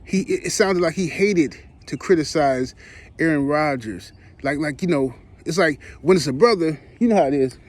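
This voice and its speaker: A man's voice: fairly high pitch, lively intonation, moderate pace. A man giving heated, rambling opinion commentary for his online channel, in slangy speech with frequent restarts. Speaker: YouTube commentator.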